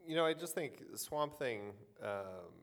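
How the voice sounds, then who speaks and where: A man's voice: mid-range voice, expressive, a little slow, gravelly. A man co-hosting a casual chat, speaking hesitantly and thoughtfully. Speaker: podcast co-host.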